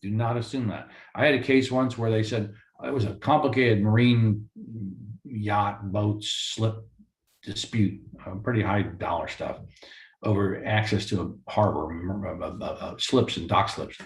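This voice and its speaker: A man who works as a mediator gives a lecture-style talk for course credit, animated and ranting, with many rhetorical questions. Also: on the low side, measured pace. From Florida. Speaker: mediator and lawyer. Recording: roomy echo.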